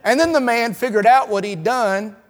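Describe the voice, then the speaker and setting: A man with a Southern US accent from North Carolina preaching a sermon as an evangelist, telling stories and swinging between loud lines and hushed ones. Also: very high-pitched, moderate pace, long reverb tail. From North Carolina, USA.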